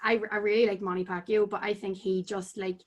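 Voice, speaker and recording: A woman's voice: medium pitch, little pitch movement, a little fast, muffled recording. A young woman with a Northern Irish accent, chatting casually as a podcast guest, full of "like" fillers. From Tyrone, Northern Ireland. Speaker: podcast guest, amateur boxer. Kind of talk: casual chat.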